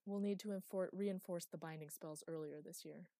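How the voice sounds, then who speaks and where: A woman's voice: lowish voice, fairly even intonation, normal speed, warm tone, dry recording, close to an everyday voice. A woman voicing an amused, teasing immortal woman who rules a magic library, with a playfully evasive manner. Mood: serious.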